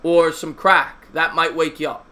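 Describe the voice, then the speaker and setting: A man with a higher-than-average, bright, forceful voice hosts a live call-in sports show. He talks in a chatty, easygoing way, apologizes often and teases his callers. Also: little pitch movement, measured pace. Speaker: sports talk show host.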